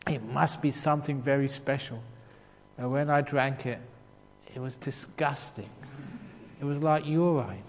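An English Buddhist monk teacher gives a dharma talk, telling humorous stories and chuckling frequently. His mid-range voice is steady and unhurried, heard in a reverberant hall with faint ambience.

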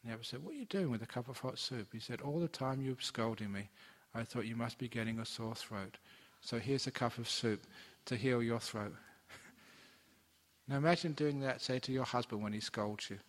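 A man's voice: medium pitch, moderate pace. A man, a Buddhist monk, tells a teaching story to an audience in an easy, chatty way. He slips into his characters' voices as he goes, and the sound carries a long reverb from the large hall. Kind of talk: dharma talk storytelling.

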